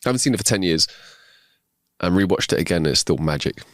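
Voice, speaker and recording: A young man talks in a somewhat low voice that is recorded close and dry. He rambles with enthusiasm, restarting his sentences and laughing easily, as a podcast co-host in casual chat. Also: expressive, fast, fairly bright tone, no echo.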